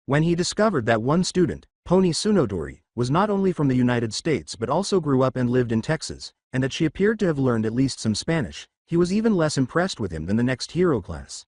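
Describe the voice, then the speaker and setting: Man narrating a story, lively pitch. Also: brisk, few pauses, dry recording, studio quality. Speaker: fanfiction narrator.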